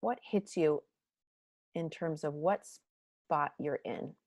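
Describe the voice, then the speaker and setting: Lively woman leading a workshop. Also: deep voice, slow pace, dry recording, clean studio sound. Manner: animated, acts out quoted voices. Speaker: workshop leader. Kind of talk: leadership workshop talk.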